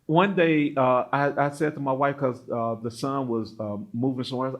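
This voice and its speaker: A middle-aged African-American man from the United States, an interview guest telling stories in a lively, laughing way and acting out what people said. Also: mid-range voice, normal speed, lo-fi sound. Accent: African-American English. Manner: animated, laughs often, acts out quoted voices. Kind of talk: casual storytelling interview.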